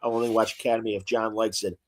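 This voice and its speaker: A man's voice: lowish voice, flat delivery, fast. A man co-hosting a podcast in casual chat, giving blunt, wry opinions. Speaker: podcast co-host.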